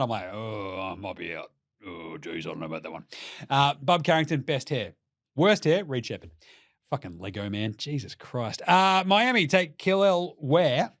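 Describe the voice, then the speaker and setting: A young man with an Australian accent riffs through casual sports commentary, brash and full of swearing and jokes. His voice sits a little high. The sound is dry and close, with no room echo. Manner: brash, profane and jokey. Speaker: basketball commentary host.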